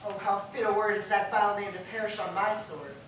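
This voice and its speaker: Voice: medium pitch, fairly even intonation, fast talker, slight background noise, natural voice. An actor playing an impulsive young male lover on stage, speaking ardent verse in a distant, echoey recording. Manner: ardent verse with sudden loud outbursts. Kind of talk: stage play acting.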